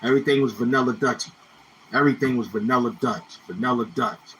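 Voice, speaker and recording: A man's voice: mid-range voice, fast talker, a bit bright, a little hiss or hum, poor audio. A man telling rambling, slang-heavy stories from his youth in a casual monologue, repeating phrases as he reminisces. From Brownsville, Brooklyn, New York. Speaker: YouTuber.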